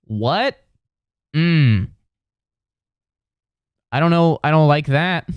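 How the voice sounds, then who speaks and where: A man voicing a folksy local from Minnesota in an exaggerated Upper Midwest accent, sing-song with drawn-out vowels. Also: a little high, no room sound, voice pushed up.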